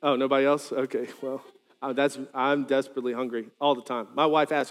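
A male pastor preaching a sermon, animated, with joking asides and sudden loud quoted lines. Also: medium pitch, fairly quick, in a large hall.

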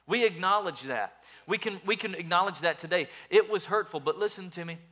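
A man's voice: sits high, brisk, bright, forceful tone. A male pastor preaching a sermon earnestly, often repeating words as he builds his points.

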